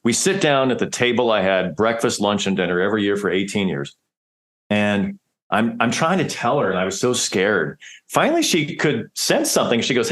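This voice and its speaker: A man's voice: on the low side, animated, moderate pace, a bit bright. A middle-aged man from Nebraska, a podcast guest, telling a personal story in a candid, emotional way and often restarting his sentences. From Nebraska, United States.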